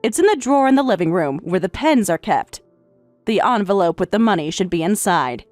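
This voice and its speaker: A woman voicing a middle-aged stepmother, speaking in a calm, detached and formal way. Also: medium pitch, a little fast, no room sound, faint music behind, voice pushed down, natural voice. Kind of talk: story narration with voiced roles.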